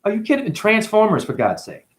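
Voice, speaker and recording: A man rambles on to camera in an animated, unscripted monologue, cursing as he goes. His pitch sits a little high and leaps around a lot, and he swings from loud outbursts to low mutters. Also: brisk. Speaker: vlogger.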